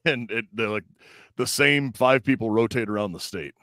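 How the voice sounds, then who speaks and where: A man's voice: mid-range voice, normal speed, no room sound. Laid-back male podcast host, dry sound. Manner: relaxed and chatty, easy laughs. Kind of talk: casual podcast chat.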